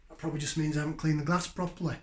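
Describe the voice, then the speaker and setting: A man's voice: fairly high pitch, level tone, very fast, a little mellow. A man, hosting a casual beer review in a rambling, self-deprecating way. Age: 40s. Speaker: beer reviewer, channel host. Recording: echoey room.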